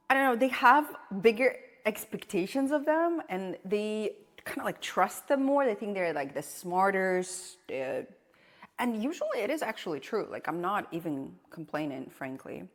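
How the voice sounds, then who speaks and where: A woman's voice: medium pitch, very animated, normal speed, long reverb tail. Blunt, swearing young woman streamer. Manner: blunt, swears freely, storytelling. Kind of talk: casual chat with viewers.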